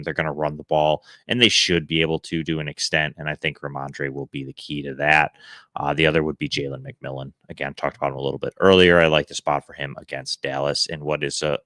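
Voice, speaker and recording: Very deep-voiced relaxed fantasy football host. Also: male voice, no echo, studio quality. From Buffalo area. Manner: relaxed, chatty, quick verdicts with fillers. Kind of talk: casual live advice show, answering viewer questions. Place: home room he calls Santa's workshop.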